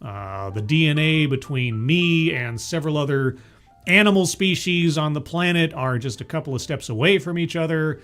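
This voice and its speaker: A man's voice: fairly high pitch, normal speed, a bit bright, soft background music. A man giving casual reaction commentary on a talk, rambling with jokey asides and many fillers and restarts.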